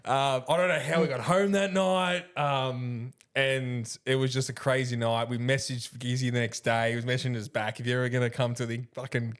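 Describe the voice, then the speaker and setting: A man's voice: mid-range voice, steady tone, moderate pace, hardly any pauses, clear, resonant tone. A man co-hosting a podcast, telling a rowdy night-out story, laughing often, swearing freely and acting out what others said. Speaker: podcast co-host. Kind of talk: casual storytelling chat.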